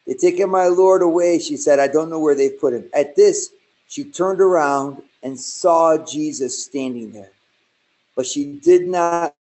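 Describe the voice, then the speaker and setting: A man preaching and teaching scripture in a conversational, animated way, with asides and jokes. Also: fairly high pitch, rough recording. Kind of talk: informal Bible teaching sermon.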